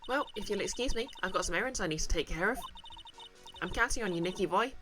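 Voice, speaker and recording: A man's voice: sits high, animated, fast, music in the background, pitched above the performer's own voice. A man voicing a flirty, affectionate woman in a game read-aloud, sweet and coy in manner. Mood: doting. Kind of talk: reading game dialogue aloud.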